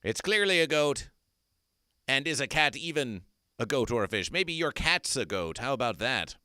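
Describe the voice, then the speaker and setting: Male comic host, grandiose and repetitive, smooth tone, dry close mic. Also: medium pitch, very animated, normal speed, bright, forceful tone, no echo. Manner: grandiose, repetitive, mock-solemn proclamations. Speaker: comedy performer. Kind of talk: absurdist livestream chat.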